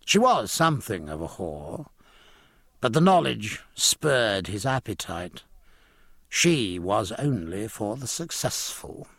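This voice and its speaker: A man narrating a period novel in an expressive, measured way. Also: lowish voice, no echo, clean studio sound. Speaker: audiobook narrator. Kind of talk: scripted narration.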